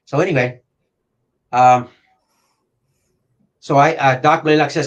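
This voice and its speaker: An older man and retired detective telling police stories in a profane, animated way, acting out shouting as he goes. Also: mid-range voice, moderate pace, pauses often, poor audio. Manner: profane, animated storyteller who acts out shouting. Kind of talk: storytelling on a podcast.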